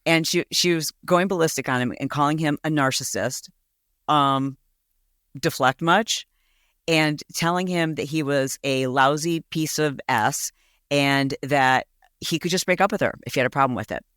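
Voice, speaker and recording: A woman's voice: deep voice, moderate pace, fairly bright tone, no echo, studio quality. A woman hosting a podcast, telling a story in a casual, gossipy way and acting out voices in quotes. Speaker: podcast host.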